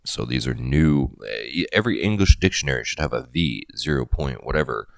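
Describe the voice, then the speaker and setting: A man's voice: extremely low pitch, lively intonation, fairly quick, creaky, no echo. A middle-aged man hosting a crypto video, explaining in a casual, rambling way with jokey asides.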